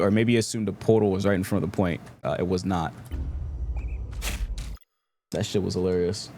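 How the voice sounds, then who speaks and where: A man's voice: lowish voice, slight background noise. A young man streaming a game and reviewing matches, ranting sarcastically and repeating himself.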